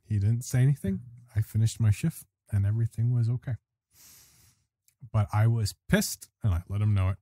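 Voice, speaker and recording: A man's voice: fairly low pitch, moderate pace, dark tone, no room sound, studio quality. A man co-hosting a podcast, telling a work story in a casual, riled-up way. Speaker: podcast co-host. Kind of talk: casual chat.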